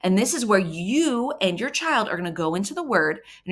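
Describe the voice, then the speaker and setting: A woman reading coach explaining to parents how to help children read, upbeat and encouraging, sounding out syllables slowly and clearly. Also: medium pitch, sing-song. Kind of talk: instructional talk to parents.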